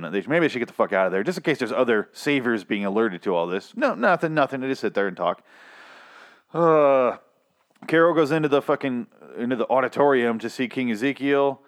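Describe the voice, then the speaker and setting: A man hosting a podcast who rants through a TV review in a casual, profane, sarcastic and exasperated way. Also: medium pitch.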